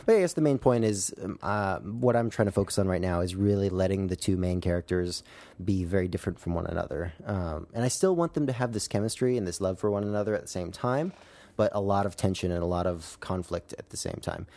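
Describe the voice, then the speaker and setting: Laid-back low-voiced male podcast co-host. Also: quick pace, warm tone, dry recording. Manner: laid-back, laughs often, fillers. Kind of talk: casual chat.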